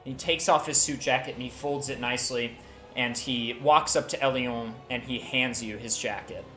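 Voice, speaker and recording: A man running a tabletop game as game master, telling the scene with lively restarts. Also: medium pitch, normal speed, roomy sound, faint music behind. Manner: lively storytelling with many restarts.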